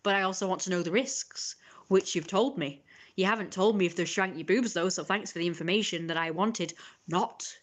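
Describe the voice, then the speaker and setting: A woman's voice: on the low side, fairly quick. Sarcastic woman ranting on stream. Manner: sarcastic, indignant, rambling; frequent coughs and laughs. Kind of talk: casual ranting monologue.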